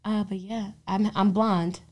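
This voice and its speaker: A young adult woman co-hosting a podcast, telling stories in a lively, profane, casual way. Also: medium pitch, a little slow. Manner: animated, profane storytelling. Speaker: podcast co-host. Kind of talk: casual chat.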